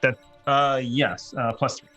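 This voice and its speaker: Male player, middle pitch, hesitant and thinking aloud, faint music. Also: steady tone, unhurried, pushed and bright, dull audio. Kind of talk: casual tabletop play.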